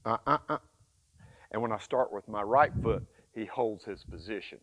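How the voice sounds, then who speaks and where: A man in his sixties, a dog trainer, explaining hush training in a folksy, repetitive way and giving his dog firm commands. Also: on the low side, normal speed. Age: 60s. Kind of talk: casual instructional vlog.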